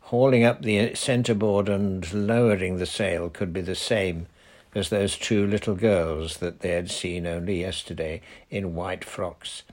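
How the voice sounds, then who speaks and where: Man narrating a children's novel. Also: low-pitched.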